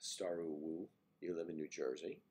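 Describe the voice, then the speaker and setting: A man's voice: deep voice, normal speed, dark tone. A man hosting a casual morning livestream, reading out viewers' names and comments and answering them with easygoing jokes. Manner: easygoing, joking asides. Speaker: livestream host.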